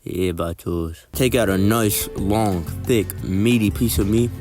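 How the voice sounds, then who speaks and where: A man's voice: lowish voice, unhurried. A young man narrating a cooking video in a joking voice-over, putting on a mock accent and sprinkling in Spanish words. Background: music.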